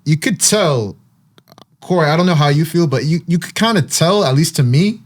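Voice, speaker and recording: A man hosting a casual sports talk show, retelling a news story with lively storytelling and frequent fillers. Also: fairly high pitch, normal speed. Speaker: podcast host.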